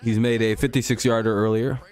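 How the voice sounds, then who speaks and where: A man's voice: medium pitch, a little fast. A man hosting a live stream, calling a football game play by play and chatting casually with viewers, with profane banter. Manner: relaxed play-by-play mixed with profane banter with chat.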